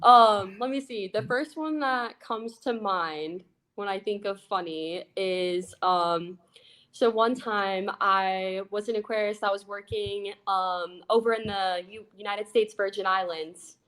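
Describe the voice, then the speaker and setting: A young woman, an aquarist, telling a funny work story in a bubbly, excitable, casual way with plenty of fillers. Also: mid-range voice, a little slow. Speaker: aquarist guest.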